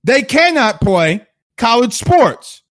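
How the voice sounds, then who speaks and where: A man's voice: very high voice, sing-song, takes it slowly, fairly bright tone. A man from Louisiana hosting a sports livestream, ranting in a combative, sarcastic way. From Louisiana, USA. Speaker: sports show host.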